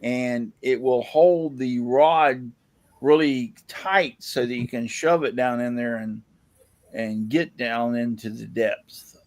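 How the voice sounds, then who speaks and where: A man's voice: mid-range voice, fairly even intonation, slow pace. A man hosting a casual panel chat, rambling and enthusiastic as he reacts to viewers' woodwork. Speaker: show host. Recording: live online panel show.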